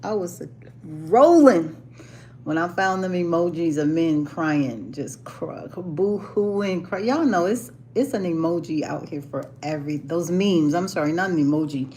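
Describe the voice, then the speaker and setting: A woman's voice: lowish voice, lively intonation, measured pace, dark tone, a little hiss or hum. A woman chatting casually and playfully, often laughing and using lots of fillers. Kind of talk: casual chat.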